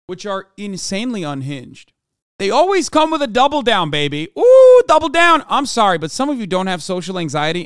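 A man's voice: a little high, fairly bright tone, clear, resonant tone, no echo, studio quality. A man hosting a podcast, reading tweets aloud and mocking them in a sarcastic, profane comedic commentary. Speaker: podcast host.

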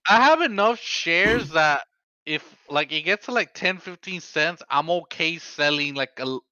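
Bright, excitable podcast co-host, man. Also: fairly high pitch, unhurried, no echo. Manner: excitable, swears casually. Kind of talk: casual podcast banter. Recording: dry, dull lo-fi sound.

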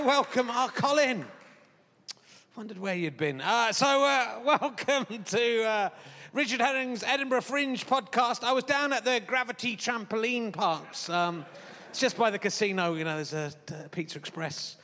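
Rambling fifty-something comic in a reverberant hall. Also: male voice, very high-pitched, normal speed, sharp tone, some chatter behind, a little hiss or hum. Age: 50s. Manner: self-mocking, rambling, full of fillers. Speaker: podcast host performing live. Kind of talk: rambling comic stage chat. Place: theatre stage at a comedy festival. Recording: long theatre-hall reverb.

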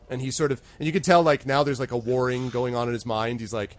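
A man's voice: mid-range voice, quick pace, few pauses. A man narrating as game master of a tabletop game in loose, chatty talk full of fillers.

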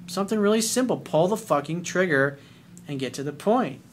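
A middle-aged man giving blunt, profane dating advice in an animated monologue. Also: fairly high pitch, brisk, slight background noise. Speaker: dating coach.

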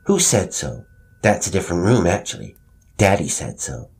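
A man's voice: sits low, sing-song, normal speed, a little hiss or hum. A man voicing a young girl who argues in a demanding way.

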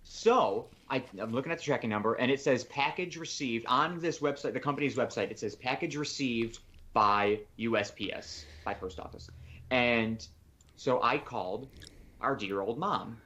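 A man's voice: mid-range voice, moderate pace, fairly bright tone. A man co-hosting a podcast, telling a rambling story in casual chat and quoting people he spoke to on the phone. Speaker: podcast co-host.

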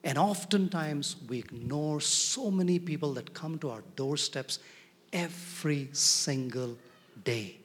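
A man preaching a sermon as pastor, animated and often asking his congregation questions. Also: a little high, unhurried, few pauses. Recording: reverberant hall.

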